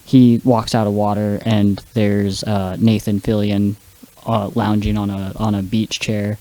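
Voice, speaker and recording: A man's voice: lowish voice, flat delivery, measured pace, dark tone. A man in a casual podcast chat, rambling through stories and hunting for names. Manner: rambling, loses words mid-story. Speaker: podcast co-host.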